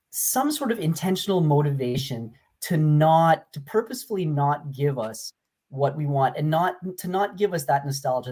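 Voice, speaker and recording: A man's voice: on the high side, darkish tone. A man speaking as a guest on a casual panel chat, earnest and argumentative.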